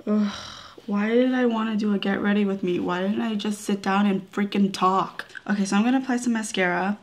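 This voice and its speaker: A woman's voice: mid-range voice, steady tone, brisk. Emotional young woman beauty vlogger. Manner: candid, emotional, close to tears. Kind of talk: get-ready-with-me vlog.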